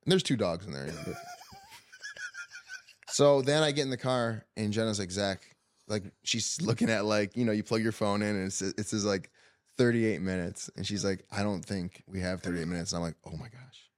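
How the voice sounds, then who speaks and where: A man in his thirties from telling a story on a podcast, animated, swearing and acting out what others said. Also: on the low side, moderate pace, no echo, clean studio sound. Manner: animated, acts out quoted voices, swears. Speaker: podcast co-host. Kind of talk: casual storytelling chat.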